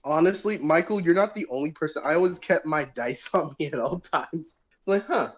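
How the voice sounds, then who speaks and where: A man's voice: fairly high pitch, moderate pace, muffled recording. A young man co-hosting a casual chat over voice chat, joking and riffing on words. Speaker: podcast co-host. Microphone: voice chat headset.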